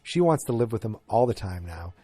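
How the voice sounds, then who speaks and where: A man's voice: fairly low pitch, big pitch swings, fairly quick, dark tone. A man hosting a podcast, chatting through an episode recap in a rambling way that flares into exasperation. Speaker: podcast host.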